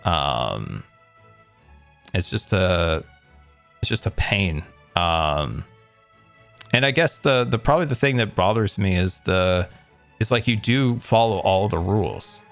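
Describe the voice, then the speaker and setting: A man's voice: low voice, animated, takes it slowly, creaky, long pauses, a bit bright, faint music behind. A man telling a casual travel story in a rambling way, full of restarts and exasperated asides.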